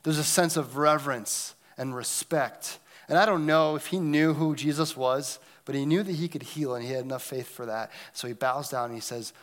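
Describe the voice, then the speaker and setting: A man preaching a sermon, swinging between loud emphatic lines and hushed, almost whispered moments. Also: medium pitch, moderate pace. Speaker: pastor.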